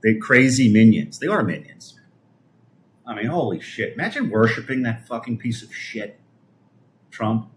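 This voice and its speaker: On a live stream, a middle-aged Brooklyn man launches a profane political rant, scornful and heavily swearing, often stumbling and restarting. His mid-range voice has a sing-song quality and sounds reverberant.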